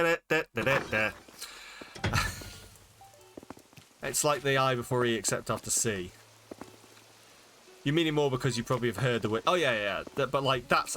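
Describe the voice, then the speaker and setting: A man's voice: medium pitch, sharp tone, slight background noise. A man streaming a game, chatting casually and thinking aloud as he sounds out Japanese words, with many fillers. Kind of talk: casual live-stream chat while reading Japanese.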